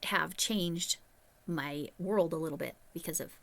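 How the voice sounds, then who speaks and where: Low, gravelly-voiced middle-aged woman vlogging. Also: measured pace, a bit bright. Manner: candid and chatty, speaks straight to her viewers. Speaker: retired teacher turned crochet YouTuber. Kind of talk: casual vlog chat to camera.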